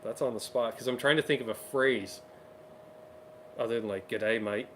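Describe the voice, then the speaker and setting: A man in the middle of his range, talking casually on a guitar livestream. He reads viewer comments with quick, upbeat asides. A faint hiss runs under the voice. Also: medium pitch. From Canada. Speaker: co-host of a livestream guitar show.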